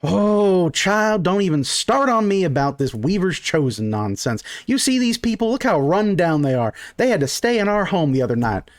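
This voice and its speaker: A man's voice: high voice, sing-song, normal speed, hardly any pauses, dry recording, clean studio sound, voice pushed up. A man voicing a tall, beefy Firbolg mother who is brash and pushy, with a folksy drawl and pet names. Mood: indignant. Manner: folksy, bossy, calls people honey and darling.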